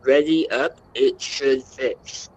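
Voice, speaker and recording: A man's voice: medium pitch, slow, slightly rough. A man talking in a matter-of-fact way in voice chat during a game stream. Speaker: player on stream. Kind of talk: casual voice chat. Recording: dull lo-fi voice chat audio.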